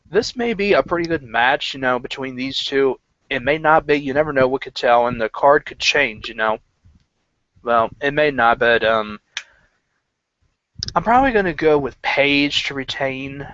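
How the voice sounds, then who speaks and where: A man's voice: medium pitch, a bit bright. A man talks through his wrestling picks in a loose, rambling way, with lots of "um"s, "like"s and restarts. His voice sits in an ordinary middle register, and the recording is dull and lo-fi. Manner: rambling, filler-heavy, self-correcting. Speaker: wrestling pundit. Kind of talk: casual prediction vlog.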